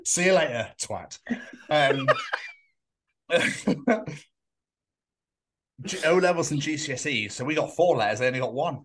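A man's voice: on the high side, measured pace, long pauses, slight background noise. A man from England hosting a podcast, chatting casually with lots of swearing and jokes. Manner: sweary, jokey, rambling. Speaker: podcast host. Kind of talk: casual chat.

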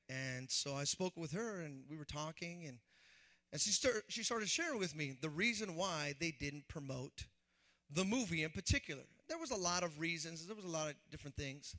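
A man, a pastor, preaching a sermon in an animated, conversational way and acting out the voices he quotes. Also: a little high.

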